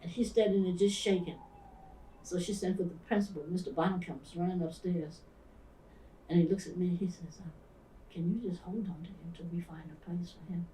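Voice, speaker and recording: A woman's voice: fairly low pitch, a little fast, slight background noise. An older woman pastor from the Philadelphia area recounts memories in an interview, acting out the voices of the people in her stories. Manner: animated storyteller who acts out the voices of people in her story. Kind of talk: storytelling interview. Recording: roomy, distant mic.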